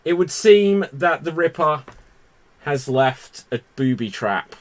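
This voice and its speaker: A man's voice: a little high, lively intonation, slow pace. A man hosting a live improv murder-mystery game over a video call, with a theatrical announcer delivery. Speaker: game host.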